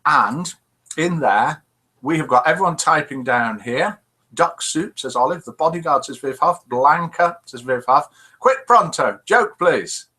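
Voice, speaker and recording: A British man hosts a live online show from a small home studio, chatting and joking in a cheeky, playful way. His voice is bright and swings widely in pitch, rising a little above the usual male range. There is a slightly husky edge to his tone. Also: expressive, a little slow. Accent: British English. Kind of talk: chatty live-stream hosting, reading out viewer messages.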